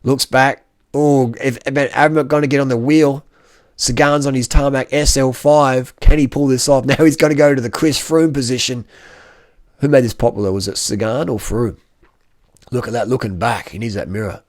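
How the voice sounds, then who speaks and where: Excitable slangy man commenting, dry sound. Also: medium pitch, moderate pace, no echo. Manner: excitable and slangy, full of exclamations. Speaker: cycling vlogger. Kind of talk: casual commentary over race footage.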